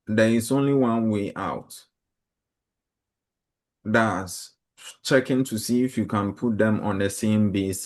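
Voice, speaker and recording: A man with a lowish voice leads a classroom math lesson. He explains each step plainly and keeps asking the class questions. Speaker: teacher.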